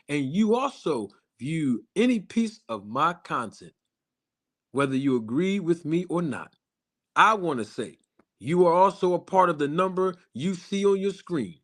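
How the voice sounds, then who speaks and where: A man hosting a boxing channel's live stream, speaking emphatically and repetitively straight to his viewers, slowing down to stress his points. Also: a little high. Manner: slows down for emphasis on key lines. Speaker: boxing YouTube channel host.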